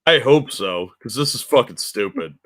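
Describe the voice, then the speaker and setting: A man's voice: mid-range voice, lively intonation, normal speed, a bit bright. A man co-hosting a podcast, chatting casually and making blunt, profane quips. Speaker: podcast co-host. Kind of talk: casual chat.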